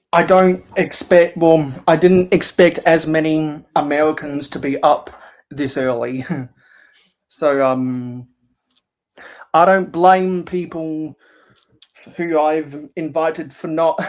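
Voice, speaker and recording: A man's voice: fairly high pitch, steady tone, slow pace. A man hosting a casual livestream while building LEGO. He talks hesitantly with many fillers and reads viewers' chat aloud. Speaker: livestream host.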